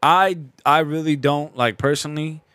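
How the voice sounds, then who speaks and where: A man's voice: fairly high pitch, moderate pace, fairly bright tone, clean tone, no echo. A young man co-hosting a podcast in casual chat, laid-back and swearing freely. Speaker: podcast co-host.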